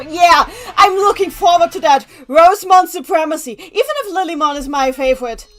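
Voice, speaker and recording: Chatty high-voiced woman streamer. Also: fairly quick, few pauses, a bit bright, soft background music. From Germany. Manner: chatty, reads chat aloud, rambling asides. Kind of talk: gameplay livestream commentary.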